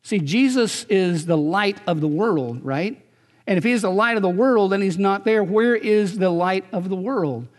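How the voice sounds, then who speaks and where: A man's voice: sits high, lively intonation, moderate pace. A male pastor preaching a sermon earnestly, often checking in with his listeners by asking "right?". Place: church sanctuary. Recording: long church reverb.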